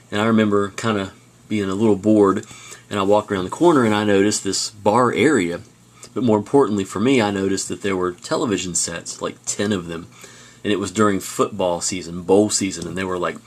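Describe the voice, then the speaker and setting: Man, deep low voice, high school teacher, video lecture, casual storytelling. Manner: casual storytelling with fillers and restarts.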